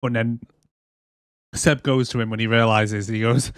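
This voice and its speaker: A man's voice: medium pitch, flat delivery, a little slow, clear, resonant tone, no echo, studio quality. A man co-hosting a podcast, chatting casually and crudely about a film, laughing often and quoting lines. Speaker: podcast co-host. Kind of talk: casual film review chat.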